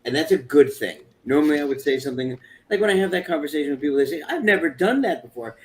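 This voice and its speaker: A man in relaxed group chat with a dry, teasing delivery. His voice sits a little high and bounces around in pitch. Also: fast. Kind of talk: casual chat.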